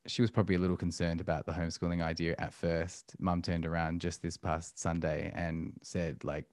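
A man's voice: low-pitched, completely flat delivery, brisk, a little mellow, dry recording, clean studio sound. A man, talking about family life as a podcast guest in a reflective, hesitant way full of ums. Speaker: podcast guest, musician and homeschooling parent. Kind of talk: casual interview talk.

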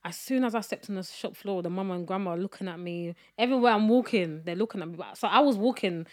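A woman's voice: medium pitch, quick pace. A young woman, co-hosting a podcast and telling chatty anecdotes. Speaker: podcast co-host. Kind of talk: casual chat.

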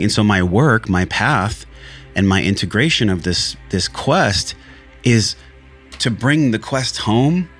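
A man hosting a podcast, talking earnestly and candidly about a spiritual journey, with frequent swearing. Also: lowish voice. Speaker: podcast host. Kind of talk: candid reflective monologue.

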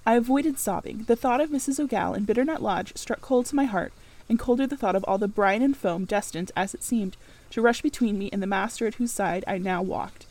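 A woman reading a classic novel aloud as narrator, in a measured, earnest way. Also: medium pitch, a little mellow, low-quality recording. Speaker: audiobook narrator. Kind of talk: scripted narration.

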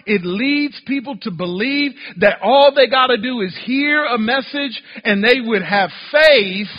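A man preaches in a church with a high, husky voice, pressing his points with emphatic rhetorical questions. The recording is dull and muffled, and his voice trails off into a long reverb from the hall. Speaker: pastor. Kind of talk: sermon.

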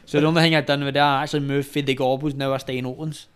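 A man's voice: mid-range voice, flat delivery, rapid-fire, clear, resonant tone. A Scottish man with a Glaswegian accent, a retired boxer telling stories with lots of swearing, acting out the voices and laughing often. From Scotland. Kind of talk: casual storytelling with heavy swearing.

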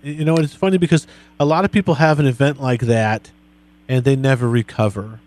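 A man hosting a podcast interview, talking in a relaxed, friendly way as he asks his guest questions. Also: medium pitch, a little fast. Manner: relaxed, friendly, reads quotes back to the guest. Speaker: podcast host. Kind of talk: conversational interview.

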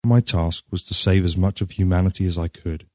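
A man reading a story aloud in a measured, grave narrating manner. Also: low voice, a little mellow, no room sound, clean studio sound.

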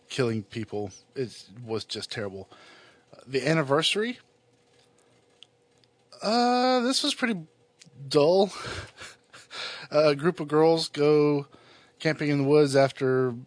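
Blunt male podcast host, casual halting delivery, dry recording. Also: mid-range voice, dry recording. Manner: blunt, halting with frequent fillers. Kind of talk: casual solo podcast review.

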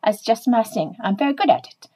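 A woman's voice: on the high side, lively intonation, fairly quick, darkish tone, breathy edge. A woman voicing a rude, proud little grasshopper that speaks bluntly and indignantly.

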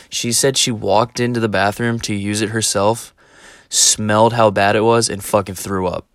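Low-voiced man telling a profane story. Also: steady tone, normal speed, a bit bright, no room sound, clean studio sound. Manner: profane, rambling, laughs through the story. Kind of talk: casual storytelling vlog.

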